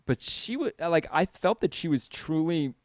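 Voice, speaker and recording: A man co-hosting a casual show, chatting in a rambling, profane and animated way. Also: on the high side, moderate pace, dry recording, studio quality. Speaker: co-host. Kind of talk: casual chat.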